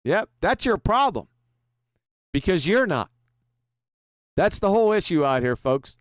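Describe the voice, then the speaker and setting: High, lively-voiced profane stream host. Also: male voice, unhurried, dry recording, studio quality. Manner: profane, mocking, laughs often. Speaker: livestream host. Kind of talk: combative livestream commentary, reading super chats.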